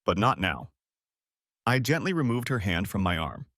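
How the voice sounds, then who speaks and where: Male story narrator: low voice, lively pitch, dry close sound, calm scripted delivery. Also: normal speed, no echo. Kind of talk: scripted first-person narration.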